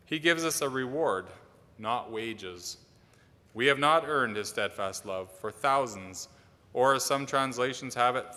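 A man delivering a sermon, his bright, ringing voice pressing hard on key words as it builds. The sound carries a long reverb, as if from inside a church. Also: mid-range voice. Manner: earnest preaching with rising emphasis on key words. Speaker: minister.

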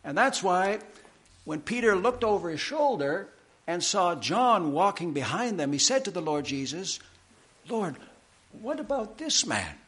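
Man preaching with lively rising pitch. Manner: emphatic, slow deliberate preaching with dramatic pauses. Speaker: pastor. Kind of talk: sermon.

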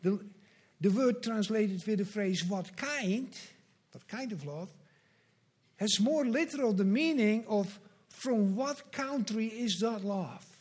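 A man with a high voice preaches a sermon in an earnest, measured way. He leans on slow, emphatic repetitions as he addresses the congregation. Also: expressive, darkish tone. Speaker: pastor.

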